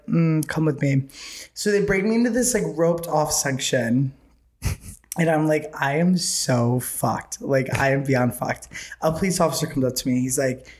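Young male podcast host, high and camp, swears freely, laughs through his stories, roomy echo. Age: young adult. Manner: camp, profane, laughing often. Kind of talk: casual storytelling chat.

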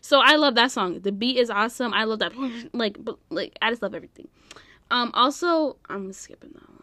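A woman's voice: a little high, animated, a little fast, pushed and bright, no room sound, studio quality. A young woman hosting a casual solo podcast, rambling and giggling, full of fillers. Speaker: podcast host.

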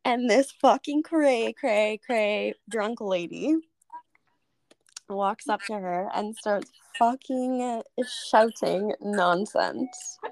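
A young woman co-hosting a podcast over a remote call, animated and swearing freely in casual chat. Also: medium pitch, very slow, gravelly, slight background noise. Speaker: podcast co-host.

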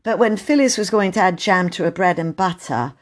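A woman narrating a classic children's book in an expressive storytelling voice. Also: fairly low pitch, a little fast. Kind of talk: audiobook reading.

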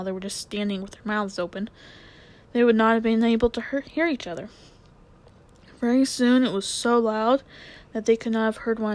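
A woman narrating a children's novel aloud with expressive storytelling, lowering her voice for suspense.

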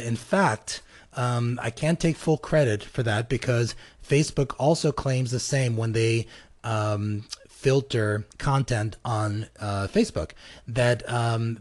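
A man hosting a podcast, talking casually with many fillers and acting out short dialogues as examples. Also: medium pitch. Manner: conversational, many fillers, acts out little dialogues. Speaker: podcast host. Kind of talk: casual advice talk. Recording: live program.

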